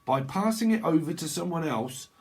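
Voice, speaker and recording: A man giving a casual tarot reading, rambling through playful word associations and acting out customers in quick, silly voices. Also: fairly high pitch, lively intonation, a little mellow. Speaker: tarot reader.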